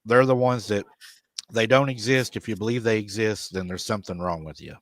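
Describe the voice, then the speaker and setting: A man's voice: on the low side, fairly quick, dry recording. A man hosting a live paranormal stream, retelling a family's story and quoting the people in it. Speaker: paranormal show host.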